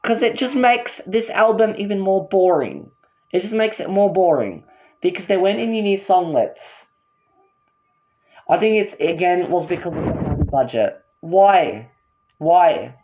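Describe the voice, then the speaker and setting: A woman's voice: fairly low pitch, lively intonation, unhurried, muffled recording. A woman ranting as a fan vlogger, worked up, repeating herself and apologizing for getting upset. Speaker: fan vlogger ranking songs.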